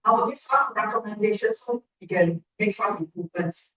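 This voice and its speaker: A woman giving a measured, encouraging speech evaluation at a club meeting. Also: mid-range voice, fairly bright tone. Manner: measured, encouraging feedback with pauses. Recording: echoey room from far off.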